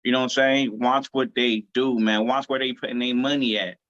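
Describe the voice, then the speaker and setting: A man's voice: mid-range voice, fairly even intonation, a little fast, fairly bright tone. Emphatic man, muffled audio. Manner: emphatic, preachy, with "man" at the end of phrases. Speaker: host. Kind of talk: casual chat.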